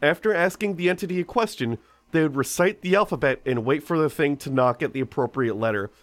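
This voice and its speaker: A man's voice: on the high side, fairly quick, a bit bright, no room sound. Man reading a spooky tale aloud, joking. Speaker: podcast host reading a story. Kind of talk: casual comedic podcast chat.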